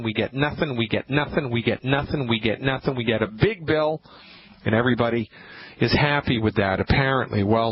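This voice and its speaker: A man hosting a call-in radio program in an emphatic, repetitive ranting style. His voice sits at an ordinary middle pitch for a man. It comes through with the slightly dull, narrowed sound of a radio broadcast. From Nantucket, USA. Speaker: radio talk show host.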